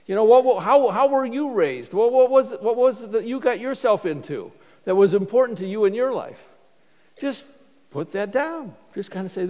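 A man's voice: sits high, lively intonation, moderate pace, darkish tone. A man preaching a sermon in a church, talking in a conversational way and often restarting his phrases. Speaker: pastor. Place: church sanctuary. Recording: long reverb of a church hall.

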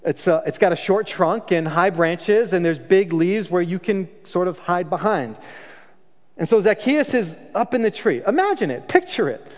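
Male pastor, slightly high voice, animated sermon delivery, big hall echo. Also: moderate pace. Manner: animated storytelling, pace and loudness swinging widely.

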